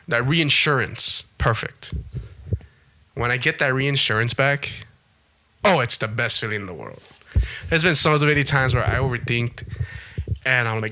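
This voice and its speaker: A man's voice: mid-range voice, a little slow, long pauses, bright, forceful tone. A young man hosting a podcast in a casual monologue, emphatic and repetitive, swearing freely. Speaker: podcast host.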